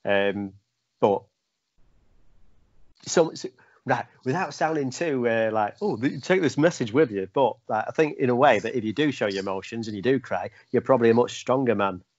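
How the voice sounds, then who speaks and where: A British comedian guesting on a podcast chats casually, rambling and joking at his own expense. His voice is medium-pitched and a little mellow at a moderate pace, heard over dull lo-fi call audio without echo.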